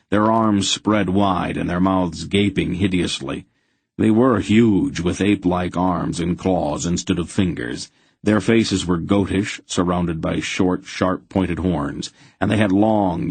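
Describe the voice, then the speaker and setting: A man narrates a fantasy novel at a measured, dramatic pace. His voice is very deep and husky. It is recorded close and dry. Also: darkish tone, no echo. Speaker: audiobook narrator. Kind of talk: scripted narration.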